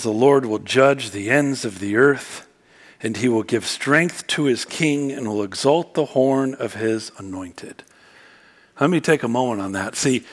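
A man preaching a sermon as a church pastor, swinging from quiet, low reflection to loud, fervent exhortation.

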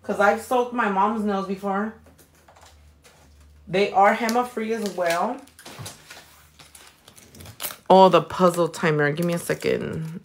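A woman's voice: mid-range voice, takes it slowly, pauses often, slight background noise. A woman from California with a Californian accent, chatting casually and playfully while doing nails. She swears freely and mixes Spanish words into her talk. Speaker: nail technician. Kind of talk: casual chat while working, reading comments.

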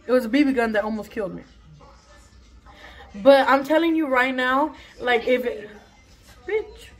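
A young woman telling a story in a casual vlog, chatty and rambling with lots of swearing, filmed on her phone at home. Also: high-pitched. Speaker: vlogger. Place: bathroom at home. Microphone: phone camera.

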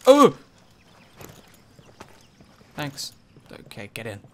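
A man's voice: medium pitch, measured pace, fairly bright tone, slight background noise. A man giving casual gameplay commentary, rambling with lots of ums and likes and some swearing. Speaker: gaming channel host.

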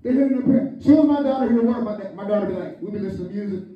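Male pastor, high-pitched, lively preaching, big echoey church sound. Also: rapid-fire. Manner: animated, calls on the congregation, acts out quotes. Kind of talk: lively storytelling sermon. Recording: echoey church hall from far off, muffled.

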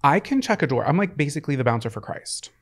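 A man co-hosting a podcast in casual chat, with dry, deadpan quips. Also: on the high side, quick pace. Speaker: podcast co-host.

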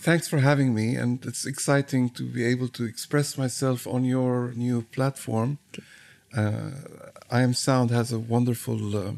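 Man interview guest, studio, gravelly, mid-pitched, earnest and measured. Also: little pitch movement, darkish tone. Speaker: guest musician. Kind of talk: interview answers.

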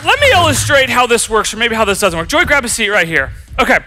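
A male pastor preaching a sermon, telling stories with animated, acted-out voices. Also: very high voice, fast, background noise. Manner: animated storytelling, acts out voices.

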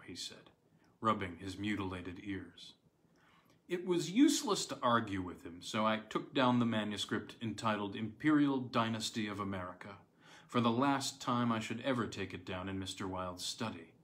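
Low-voiced man reading a classic tale. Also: fairly bright tone. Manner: measured, dramatic storytelling with slight stumbles. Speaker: audiobook reader. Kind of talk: audiobook narration of a classic tale.

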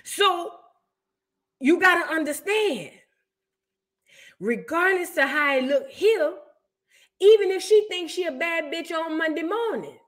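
A woman's voice: very high voice, expressive, a little slow, long pauses, fairly bright tone. A young adult woman hosting a celebrity gossip commentary stream, talking in a brash, profane, mocking way. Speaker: host reacting to celebrity news. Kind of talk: unscripted livestream commentary.

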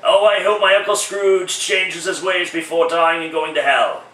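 A man's voice: high-pitched, steady tone, normal speed, sharp tone. A man voicing a smug, mocking young nephew. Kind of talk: one-man comedic radio play. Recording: roomy echo, distant mic.

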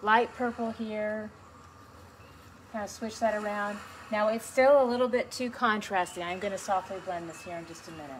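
A woman with a mid-range voice leads a beginners' painting lesson, talking through each stroke as she works. Her manner is chatty and encouraging. Steady background noise sits clearly behind her voice. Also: mid-range voice, normal speed. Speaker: painting instructor. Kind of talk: relaxed step-by-step painting tutorial.

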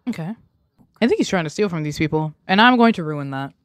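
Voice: medium pitch, fast talker, dry recording. Brief: let's-play commentator, ranting and joking; bouncy intonation, dry mic. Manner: sarcastic, excitable, ranting at the game. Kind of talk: casual game commentary.

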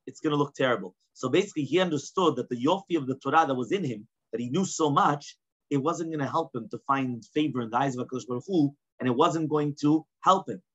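A man's voice: mid-range voice, fast talker, slightly rough. A man teaching a casual Talmud class. He reads Aramaic lines and then explains them in plain English, often checking in with "right?". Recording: dull lo-fi class recording.

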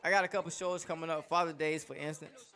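A man's voice: a little high, steady tone, fast talker, bright, forceful tone. A man, a rapper being interviewed, talking casually and rambling as he stumbles over and repeats his words. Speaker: rapper guest.

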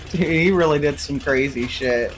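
A young man streams a co-op game and chats with a friend, his voice a little high with a slight hiss or hum on the audio. The talk is laid-back and joking, full of swearing and frequent laughs.

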